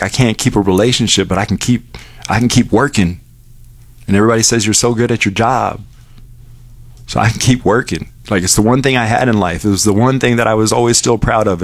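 A man with a fairly low voice speaks from a radio station studio. He tells a personal story openly, the way a DJ talks to listeners. He raises his pitch when he acts out what people said. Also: no room sound. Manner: candid storytelling, acts out dialogue with lifted pitch.

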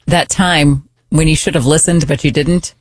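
A woman co-hosting a radio show, telling a funny family story in an animated way, often laughing and acting out the voices. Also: low voice, moderate pace, breathy edge, no room sound. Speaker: radio co-host.

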